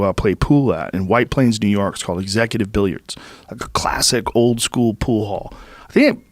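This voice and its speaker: A Boston-area man in his fifties hosts a podcast, telling casual stories with a lowish voice in studio-quality sound without echo. His storytelling is animated and profane, building in excitement as he goes.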